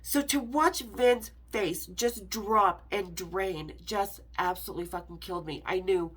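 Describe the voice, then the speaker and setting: A woman's voice: medium pitch, a little slow, breathy edge. A middle-aged woman from Las Vegas hosting a podcast, telling a personal story candidly with swearing and acted-out dialogue. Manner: candid and profane, acting out quoted dialogue. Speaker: podcast host.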